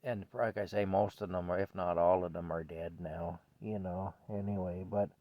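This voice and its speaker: Indoors at home with his cat, an older man from Canada rambles through a story for his vlog, laughing and interrupting himself frequently. He has a low voice with fairly even intonation at a moderate pace, and the dry, dull lo-fi mic picks up no room sound.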